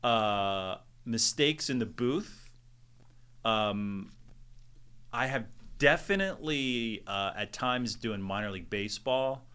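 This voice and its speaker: A middle-aged man, a stadium announcer, telling stories in a relaxed podcast interview and acting out the people he quotes. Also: lowish voice, slow, clear, resonant tone. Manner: animated storyteller, acts out quotes. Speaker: stadium public address announcer, podcast guest. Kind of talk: casual storytelling interview.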